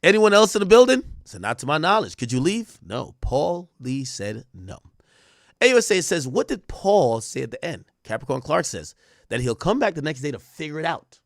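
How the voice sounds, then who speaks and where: A man talks through court testimony on his live stream, reading lines aloud and breaking off to react in slang. His pitch leaps up and drops low as he goes. The sound is dry and close, with no room around it. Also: moderate pace, gravelly, no echo. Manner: animated, reads testimony aloud and riffs on it with slang. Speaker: stream host recapping a trial. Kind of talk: casual live-stream commentary.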